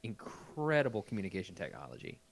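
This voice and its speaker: Lowish-voiced guy on a podcast, jokey, goes off on tangents. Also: huge pitch swings, creaky. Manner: joking, digressive, quick to argue. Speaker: podcast co-host. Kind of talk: casual chat.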